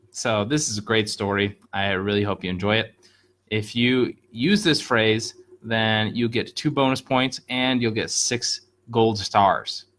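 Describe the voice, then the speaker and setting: A man hosting a casual live stream, telling an old fable in a chatty, upbeat way and pausing to explain words as he points at pictures. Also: mid-range voice, fairly bright tone. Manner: narrates over pictures he points at. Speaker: host telling Chinese fables.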